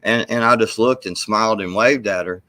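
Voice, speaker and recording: A man on a casual stream telling chat a funny story, animated and profane. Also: lowish voice, moderate pace. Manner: animated, profane yarn-spinning. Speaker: stream co-host.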